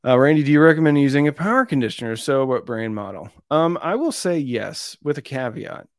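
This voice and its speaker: A man's voice: mid-range voice, expressive, fairly quick, dry recording, clean studio sound. A man hosting an audio gear live stream, chatting casually in a rambling, easygoing, self-deprecating way. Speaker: audio channel host.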